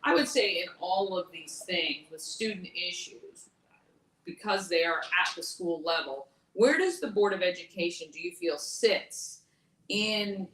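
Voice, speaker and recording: A woman's voice: on the low side, a little slow, fairly bright tone. Conversational woman moderator, echoey. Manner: conversational, hesitant, with ums. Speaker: forum moderator. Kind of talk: moderating interview questions. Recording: echoey room, voice from far off.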